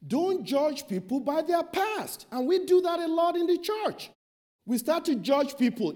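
Emphatic, high-voiced man preaching. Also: sing-song, a little slow. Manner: dramatic, acts out gossiping voices in a low mutter, rises to loud emphatic exhortation. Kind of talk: sermon. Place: church meeting room.

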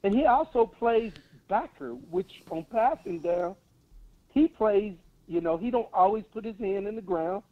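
A man's voice: high voice, animated, a little slow. A man calling in to a sports talk show, giving blunt, confident opinions in casual chat over a phone line. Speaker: caller.

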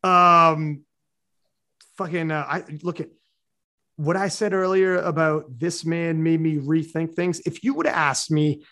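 A man with a high voice chatting on a podcast. He is excitable and slangy and swears freely. His talk runs loose and casual. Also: measured pace. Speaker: podcast guest. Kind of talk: casual chat.

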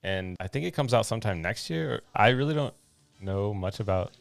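A man co-hosting a podcast, chatting casually about new movies in a relaxed, conversational way. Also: fairly low pitch, moderate pace, gravelly, over music. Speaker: podcast co-host.

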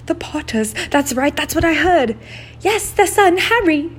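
An excited stranger in a cloak passes on hushed, eager gossip, the voice climbing higher, as a woman reading a storybook puts it on. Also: unhurried, slight background noise. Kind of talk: reading a novel aloud.

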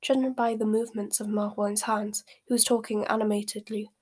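A woman reading a novel aloud from a sheet, at an ordinary middle pitch. She trips over words now and then and corrects herself as she goes. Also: level tone, fairly quick, a little mellow. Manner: stumbles and corrects herself, laughs at slips. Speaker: reader.

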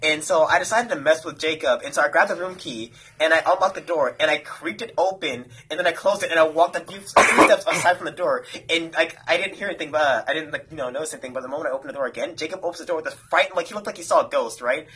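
A young man recounts a story to friends in a loose, rambling way, filling gaps with "like". His voice sits a little high and sounds bright and forward. He talks quickly, one clause tumbling into the next. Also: husky, poor audio. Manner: rambling, heavy use of "like". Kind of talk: casual chat.

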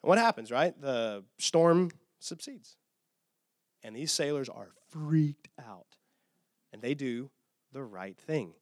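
A male pastor preaches a sermon, retelling a story in an animated, casual way and frequently checking in with "okay?", sounding a little tired from short sleep. His voice is medium in pitch and slow in pace, recorded dry with clean studio sound.

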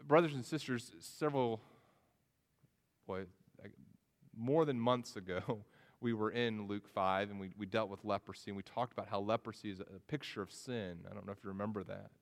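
Earnest pastor preaching in a reverberant hall. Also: male voice, lowish voice, moderate pace. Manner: earnest, repeats words and restarts, rises when pleading. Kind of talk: sermon.

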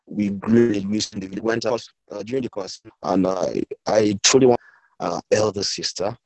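A man, speaking emotionally and haltingly as a guest on an online call from a village, often repeating himself. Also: lowish voice, creaky, darkish tone, dry recording, rough recording. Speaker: guest speaker, author's brother. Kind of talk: emotional speech on a video call. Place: village, weak network.

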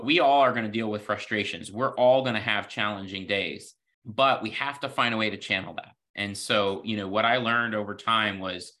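A man's voice: lowish voice, pushed and bright. A man guest on a podcast interview, telling earnest stories about his career and often saying "you know". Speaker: podcast guest, healthcare executive. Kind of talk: reflective interview storytelling.

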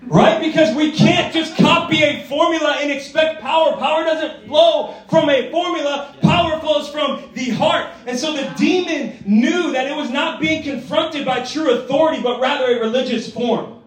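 High-voiced preacher in an echoing hall. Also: male voice, normal speed, few pauses. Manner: energetic, conversational, tag questions. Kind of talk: sermon. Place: church gathering hall. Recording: echoey hall from far off.

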